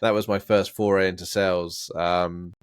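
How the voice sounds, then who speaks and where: A man's voice: low voice, moderate pace, clean tone, dry recording, studio quality. A middle-aged man with an English accent, a guest in a casual interview, telling stories with laughter and acting out the voices of people he quotes. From England. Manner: animated, laughs often, acts out quoted voices.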